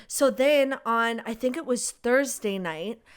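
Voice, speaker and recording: A young adult woman co-hosting a podcast, telling a story in a rambling, animated way with plenty of "like". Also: on the high side, slow, smooth. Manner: animated, rambling, heavy use of "like". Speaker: podcast co-host. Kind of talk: casual chat, storytelling.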